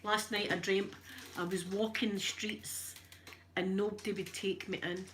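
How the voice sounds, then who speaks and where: A Scottish woman talks her way through a live stream at an everyday pitch, emotional and close to tears as she chats and greets viewers one by one. Her voice sits over a clear hiss of background noise with scattered clicks. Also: level tone, measured pace. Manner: emotional, tearful, chatty, greets viewers warmly by name. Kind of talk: chatty live stream while ironing.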